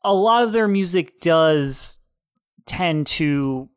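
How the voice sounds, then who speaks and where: Young male podcast co-host, relaxed critic, slightly high voice, dry close recording. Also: slow, clear, resonant tone, no room sound. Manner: opinionated, laid-back music critic. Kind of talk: casual chat.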